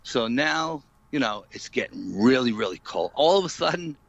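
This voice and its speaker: A man being interviewed as a paranormal investigator, retelling an eerie night in an animated, dramatic way full of "you know". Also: medium pitch, normal speed, creaky, no echo, lo-fi sound. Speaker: paranormal investigator, podcast guest. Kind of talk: storytelling in a casual interview.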